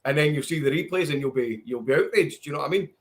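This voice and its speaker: A man's voice: on the high side, racing. A man with a Scottish accent, ranting heatedly about football in casual podcast chat, swearing freely. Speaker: podcast co-host.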